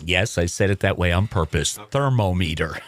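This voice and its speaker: A man's voice: low voice, steady tone, a little fast, fairly bright tone. A man hosting a morning radio show in a studio, joking and laughing often in casual chat.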